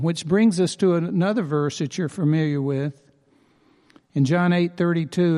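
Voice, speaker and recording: A man's voice: on the high side, moderate pace, warm tone, in a large hall. A man preaching a sermon as pastor, earnest and emphatic, repeating key phrases for weight.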